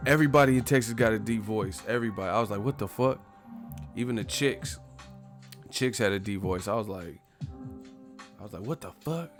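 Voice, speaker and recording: A man in his thirties talks loosely on a live stream, full of profanity, rambling from one thought to the next. His voice sits fairly low. Faint music plays underneath. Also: fairly quick, pauses often. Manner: profane, rambling, laughs often. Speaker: boxing stream host. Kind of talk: casual live-stream chat reading comments.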